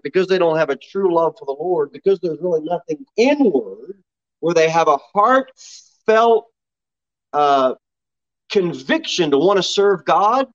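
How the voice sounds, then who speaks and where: A man preaching a sermon as pastor, telling a story and pressing his point with sudden jumps in pitch. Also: muffled recording. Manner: animated, preaching with sharp rises in pitch. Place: church sanctuary.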